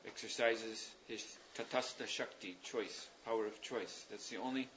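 A man leading a religious class, explaining ideas at length in a thoughtful, meandering way with pauses and fillers. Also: fairly low pitch, fairly bright tone, a little hiss or hum. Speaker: spiritual teacher leading a class. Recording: dull lo-fi recording.

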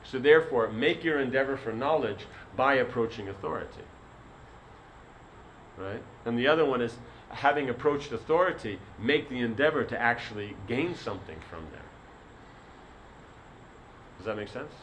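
A man's voice: mid-range voice, expressive, normal speed, pauses often, a bit bright, highs cut off, slight background noise. A man giving a sermon as a spiritual teacher, telling a story in a rambling way full of "you know".

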